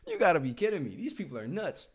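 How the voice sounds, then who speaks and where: A man's voice: fairly high pitch, wildly swooping pitch, fast talker, a little hiss or hum. A man hosting a reaction channel, ranting in incredulous casual commentary.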